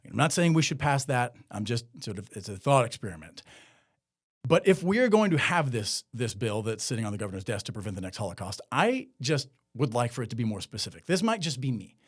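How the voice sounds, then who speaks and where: A man's voice: mid-range voice, sing-song, a little fast, husky. A man hosting a solo commentary podcast, talking in a sarcastic, conversational way with many filler words. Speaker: podcast host.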